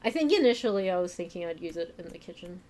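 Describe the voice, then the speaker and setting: A woman's voice: fairly low pitch, animated, fast talker, a little mellow. A woman streaming from her home stream room, chatting casually and rambling with fillers and self-mocking asides. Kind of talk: casual chat while unpacking on stream.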